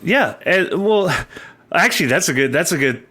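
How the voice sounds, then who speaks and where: A man's voice: fairly high pitch, lively intonation, normal speed, sharp tone, husky. Profane, rambling podcast co-host man. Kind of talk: casual chat.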